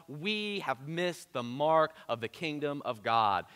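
Man preaching, higher voice, bright tone, emphatic swings loud to quiet, long church reverb. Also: lively intonation, measured pace. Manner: emphatic, swinging between loud urgent peaks and quiet earnest lows. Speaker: pastor. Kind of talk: sermon. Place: church sanctuary.

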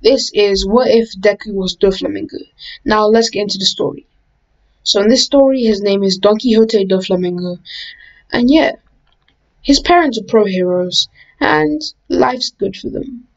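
A woman narrating a fan-made story in a relaxed, rambling way, stringing events together and fixing slips as she goes. Her pitch sits in a middle range, and the audio is slightly dull and lo-fi. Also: normal speed. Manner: rambling, loose retelling with "and" chains and self-corrections. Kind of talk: casual fan-fiction narration.

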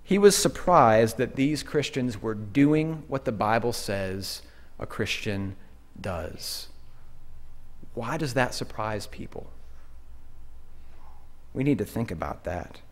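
Male pastor, mid-pitched voice, measured sermon delivery in a church, phrases that fade at the ends. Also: expressive. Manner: measured preaching with pauses, endings trailing off quietly. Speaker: associate pastor. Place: church sanctuary.

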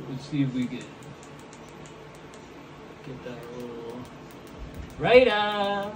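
A man's voice: mid-range voice, lively intonation, slow, pauses often, a bit bright, recorded from a distance, a little hiss or hum, poor audio. A man hosting a casual painting vlog, rambling goofily and talking straight to his viewers. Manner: goofy, rambling, talks to viewers. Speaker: host painting pots. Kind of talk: casual chat while painting. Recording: voice from away from the mic.

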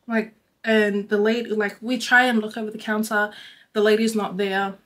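A young adult woman telling a story to her vlog audience in a chatty, animated way, filling her talk with "like.". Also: a little high, moderate pace. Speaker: vlogger. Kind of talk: casual storytime.

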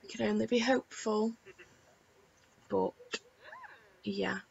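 Tired, croaky woman rambling softly. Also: mid-range voice, steady tone, a little slow, muffled recording. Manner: rambling, soft-spoken with many ums. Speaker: gaming YouTuber. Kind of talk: casual gameplay commentary. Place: home at night with family asleep.

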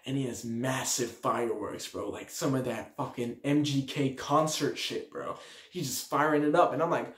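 A man's voice: mid-range voice, moderate pace, reverberant. A young man casually telling a party story, full of slang and acted-out quotes. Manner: slangy, animated, acts out quotes. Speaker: storyteller vlogger.

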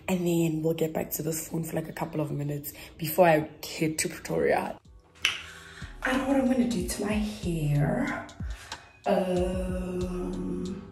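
A young woman from South Africa chatting casually to her phone camera at home while getting ready, her voice hoarse and half gone, rambling and correcting herself with little laughs. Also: on the low side, darkish tone. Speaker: YouTuber vlogging. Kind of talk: casual vlog chat to camera. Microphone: phone on a tripod.

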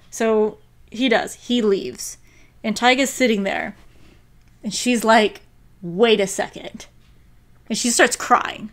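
A young woman co-hosting a casual podcast, retelling an anime episode in an animated way and saying "like" a lot. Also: a little high, slow pace, pauses often. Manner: animated storyteller, heavy use of "like", acts out quotes. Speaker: podcast co-host.

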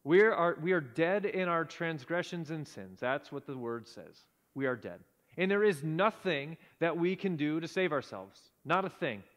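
Male preacher, high-pitched voice, earnest with hushed drops, in a church hall with a long echo. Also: lively intonation, moderate pace. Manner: earnest, drops to a hushed low voice at key points. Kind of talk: sermon. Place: church sanctuary.

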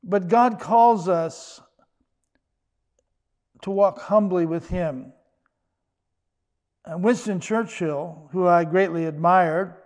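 Older male pastor, high-pitched, conversational sermon with wry humor. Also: a little mellow. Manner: conversational, joking asides with quick restarts.

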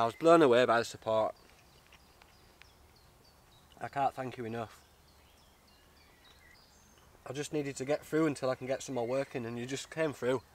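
Out in the forest, a man records a relaxed outdoor vlog about bushcraft. His mid-range voice has a fairly bright tone, and he chats warmly, frequently addressing the viewer as "mate."

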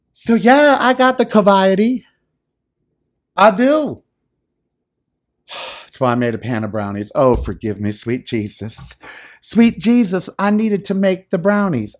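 Male podcast host, fairly high voice, animated and dramatic, casual solo monologue at a home mic. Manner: animated, theatrical, exclamatory. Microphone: studio microphone.

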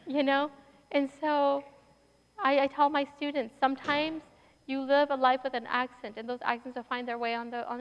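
A woman with a Minnesotan accent speaks in a smooth, rather high voice, answering audience questions reflectively and conversationally. The sound is dull and rings with a long hall echo, as in a university auditorium. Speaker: guest speaker.

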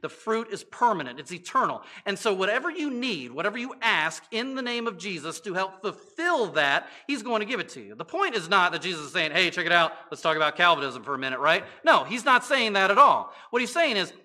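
A man preaching a sermon with a strikingly bright, cutting tone and a fairly high voice. He keeps it conversational, tossing rhetorical questions and playful asides to the congregation. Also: sing-song, a little fast, hardly any pauses. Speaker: pastor. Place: church.

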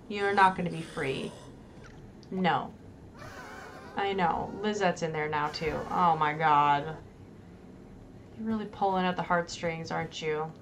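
A woman's voice: fairly low pitch, fairly bright tone, a little hiss or hum. A woman commenting live on her gameplay, reacting with frequent exclamations and mild swearing. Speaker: game streamer.

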